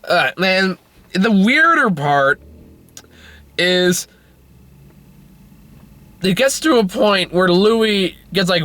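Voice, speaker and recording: Guy ranting about a movie he hated, swears a lot, kinda high voice, keeps going up in pitch when he can't believe it. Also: creaky, bright, forceful tone. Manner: exasperated, profane, swings into high-pitched outbursts. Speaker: movie reviewer. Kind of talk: casual ranting movie review.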